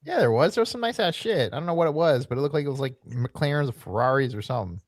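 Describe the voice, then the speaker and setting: Guy swearing and joking in group chat, bouncy pitch, dry sound. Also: expressive, fast talker, dry recording. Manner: crude, joking.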